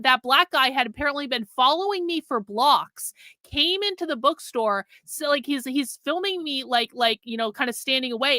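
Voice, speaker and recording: A woman hosts her show and tells a story in an animated, casual way, swearing freely. Her voice is bright and a little high, with an edge of tension. The recording sounds dry and close. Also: no echo. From United States. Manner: animated, profane, acts out her own past lines. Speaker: host.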